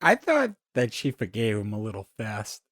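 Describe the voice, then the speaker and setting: A man co-hosting a podcast, making dry, low-key and contrarian remarks in casual chat. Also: huge pitch swings, normal speed, fairly bright tone, dry recording. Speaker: podcast co-host.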